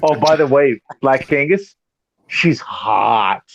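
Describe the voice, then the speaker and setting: A man's voice: medium pitch, expressive, takes it slowly, creaky, lo-fi sound, a little hiss or hum. A man co-hosting a casual podcast chat, teasing the others and laughing often. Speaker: podcast co-host. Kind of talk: casual group chat on a stream.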